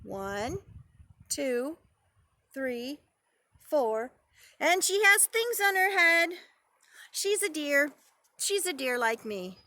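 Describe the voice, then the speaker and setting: A woman's voice: sits high, very animated, drawn-out words, pauses often, sharp tone, exaggerated voice. A woman voicing a confident, teasing deer in a read-aloud storybook, speaking matter-of-factly.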